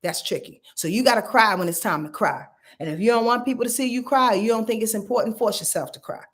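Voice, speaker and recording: A woman doing a casual livestream from home, giving quick astrology readings in an animated, slangy way and talking straight to her viewers. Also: on the high side.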